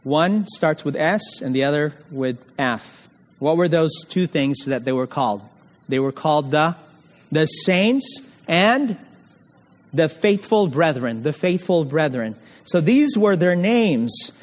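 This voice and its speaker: A man's voice: on the high side, expressive, takes it slowly. A man preaching an expository sermon, emphatic, repeating key phrases and putting questions to the congregation. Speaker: pastor. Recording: long hall reverb.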